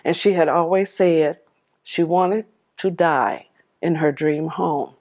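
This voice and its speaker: A woman's voice: low voice, slow pace, darkish tone. A woman telling her life story to the camera, heartfelt and vivid, replaying old conversations as dialogue. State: tearful at moments.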